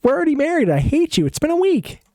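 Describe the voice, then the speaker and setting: A man voicing a nagging, whiny young wife in a pleading, high put-on voice. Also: wildly swooping pitch, quick pace, dark tone, dry recording, studio quality, heavily acted.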